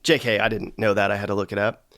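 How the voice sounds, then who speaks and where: A man hosting comedic scripted narration with sarcastic, deadpan asides. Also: lowish voice, fast talker, clean tone. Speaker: host.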